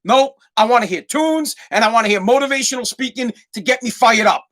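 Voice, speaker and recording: Bright-voiced man ranting on a podcast. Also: extremely high pitch, fairly quick. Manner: rambling, profane, repeats himself. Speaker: podcast host. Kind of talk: solo comedic rant.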